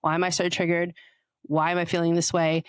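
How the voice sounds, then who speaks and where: A woman's voice: fairly low pitch, little pitch movement, fairly quick, clean tone, dry recording. A woman co-hosting a relationship podcast, explaining ideas in a chatty way and reading out short quotes. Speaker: podcast co-host. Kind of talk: casual podcast chat.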